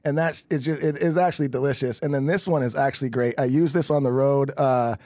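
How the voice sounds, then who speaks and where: A man's voice: medium pitch, fairly even intonation, fast talker, a little mellow, no echo. A man hosting a podcast, chatting casually and slipping in an enthusiastic ad read. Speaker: podcast host. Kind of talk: casual chat with a spoken ad read.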